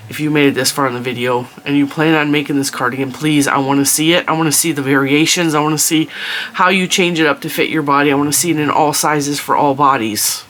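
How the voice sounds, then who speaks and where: A woman's voice: lowish voice, fairly bright tone, slight background noise. A woman hosting her own crochet tutorial channel, chatty and giggly, often stopping to correct herself as she explains.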